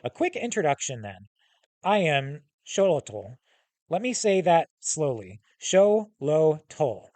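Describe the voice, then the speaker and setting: A man voicing a huge, scarred male hellhound with a calm, commanding manner and measured, formal speech. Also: a little high, no echo. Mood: formal, assured. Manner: measured, formal speech with slow, stressed titles.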